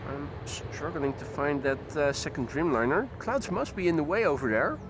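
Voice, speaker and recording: High-voiced man commentating outdoors. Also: lively intonation, moderate pace. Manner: chatty and playful, greeting viewers. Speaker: live-stream host. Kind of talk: live plane-spotting commentary. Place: outdoors beside water near an airport. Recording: loud outdoor traffic noise.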